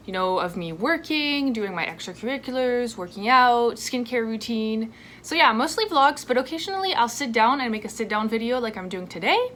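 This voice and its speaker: A woman in her twenties from France, talking casually in a sit-down vlog at home, chatty and lively with asides. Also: a little high. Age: 20s. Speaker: vlogger. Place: home indoors. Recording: faint dishwasher noise at home. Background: dishwasher noise.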